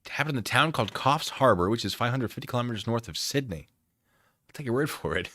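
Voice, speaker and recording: A man's voice: mid-range voice, lively intonation, fast, fairly bright tone, no room sound, studio quality. A man hosting a casual livestream, reacting with sarcastic commentary and frequent laughter. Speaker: streamer.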